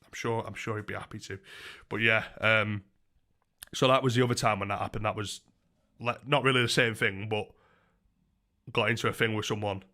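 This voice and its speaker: A man's voice: on the low side, steady tone, brisk, pauses often, bright, forceful tone. A young man, rambling through a story in casual, swearing chat on his livestream.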